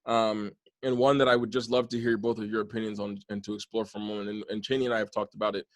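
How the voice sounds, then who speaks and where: A man's voice: on the low side, level tone, fast talker, no echo. Earnest man hosting a podcast, dry sound. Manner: earnest, rambling, many restarts. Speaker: podcast host. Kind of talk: casual podcast conversation.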